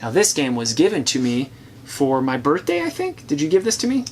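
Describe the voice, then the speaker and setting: Man, host, casual chat, opinionated, thinking out loud, slightly high voice, faint noise behind. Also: wildly swooping pitch, fairly quick. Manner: opinionated, chatty, thinking aloud. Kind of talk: casual chat reviewing board games.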